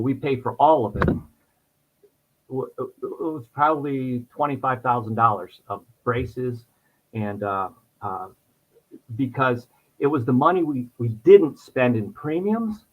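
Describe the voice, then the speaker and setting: A middle-aged man talks on and on as a podcast guest, circling back and restarting his thoughts. His voice sits at an ordinary pitch for a man. The recording sounds muffled and lo-fi. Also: measured pace, slightly rough. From New York. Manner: talkative, rambling, restarts a lot. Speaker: insurance agent, podcast guest. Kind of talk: casual interview chat. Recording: dull lo-fi sound.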